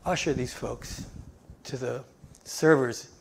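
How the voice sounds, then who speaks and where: A man's voice: mid-range voice, fairly even intonation, slow pace, vocal fry, a little hiss or hum. A man doing a polite, formal doorman. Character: formal male doorman with guest book.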